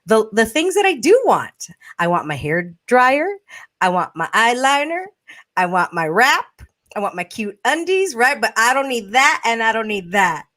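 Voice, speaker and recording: A woman hosting a live podcast, talking in a loose, animated way. Her voice sits a little high, and she slips into playful quoted voices as she makes her points. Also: normal speed. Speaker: podcast host. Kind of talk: casual podcast conversation.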